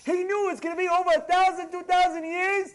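A man, a rabbi, preaching a sermon, moving from hushed storytelling to loud, animated outbursts. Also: extremely high pitch, fast.

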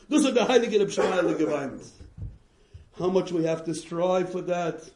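A man giving a talk to parents, telling stories in an animated way, mixing in Yiddish and Hebrew phrases. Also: sits high, normal speed, echoey room. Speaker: rabbi giving encouragement to parents. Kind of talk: Yiddish-laced storytelling talk.

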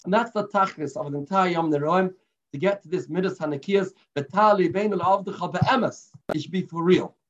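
A man giving a daily religious lesson as a rabbi, telling stories in an earnest, unhurried way. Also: high-pitched. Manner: earnest, unhurried storytelling teacher. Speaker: rabbi teaching a daily class. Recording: muffled lo-fi recording.

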